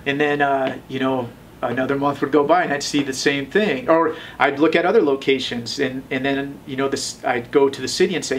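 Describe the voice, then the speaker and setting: A man in his thirties telling his own story in a relaxed interview, rambling with many fillers and acting out the voices of the people he quotes. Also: medium pitch, brisk, few pauses, distant mic, a little hiss or hum, low-quality recording. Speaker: tattoo shop owner telling his story.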